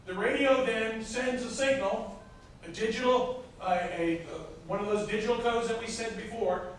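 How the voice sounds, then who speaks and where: A man's voice: high-pitched, normal speed. A man teaching a class, explaining technical steps one by one with frequent hesitations, recorded from across the room. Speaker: instructor. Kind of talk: classroom lecture. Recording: echoey room from far off, faint noise.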